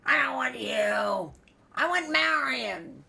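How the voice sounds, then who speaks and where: Casting: a woman doing a bedridden old man, pushy and loud, raised pitch, gravelly. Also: lively intonation, slow, heavily acted. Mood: demanding. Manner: shouts demands, later hushed whispers. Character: sick older man, bossy then meekly sorry.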